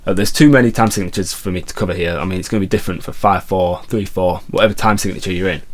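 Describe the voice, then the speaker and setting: Low-voiced man teaching songwriting. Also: fast. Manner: relaxed explanatory, counts beats aloud. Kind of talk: online music lesson.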